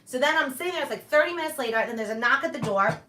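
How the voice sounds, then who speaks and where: Chatty woman host, bright and roomy. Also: high voice, expressive, racing, recorded from a distance. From New York. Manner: chatty storyteller, laughs often. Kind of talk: casual chat with her mother.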